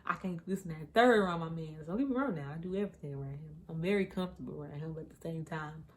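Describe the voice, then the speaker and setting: A young woman telling her birth story in a casual storytime vlog, animated and candid, talking straight to her viewers and dropping into hushed asides. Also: sits low, very fast. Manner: animated and candid, often drops into hushed asides and laughs at herself; talks straight to viewers with frequent y'all.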